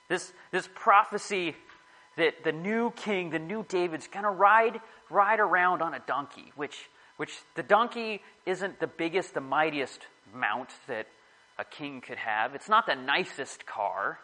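Chatty high-voiced man preaching. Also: animated, a little slow, bright, forceful tone, rough recording. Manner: rambling, self-correcting, chatty. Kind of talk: casual sermon to a small group.

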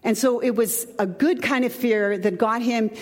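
A woman's voice: a little high, normal speed. Woman pastor preaching, chatty and casual, long echo in a church hall. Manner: conversational, chatty, with asides. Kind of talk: sermon.

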